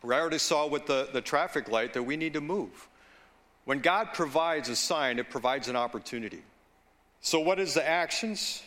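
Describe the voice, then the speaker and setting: A male pastor preaching a sermon, slow and deliberate, with storytelling asides and calls for agreement from the congregation. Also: a little high, lively intonation, a bit bright.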